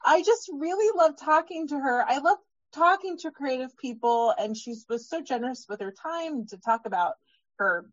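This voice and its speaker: Brief: woman co-host, high and bubbly, dull lo-fi sound. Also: animated, normal speed, no room sound. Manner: bubbly, gushing. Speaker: podcast co-host. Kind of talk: casual podcast chat.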